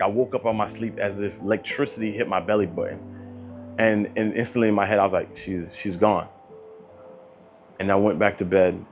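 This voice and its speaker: A man telling a personal story of loss in a soft, halting way, with many pauses and restarts. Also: on the low side. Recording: dull lo-fi audio with music behind. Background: soft instrumental music.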